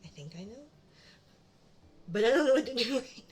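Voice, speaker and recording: Setting up a live stream at her home desk, a young host chats casually, rambling and muttering jokes at her own expense. She speaks fairly quickly in a fairly high, animated voice.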